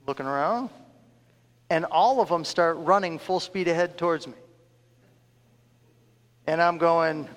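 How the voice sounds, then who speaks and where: A man, a preacher, telling a story in a sermon with an animated, chuckling delivery. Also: high-pitched. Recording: long reverb of a large hall.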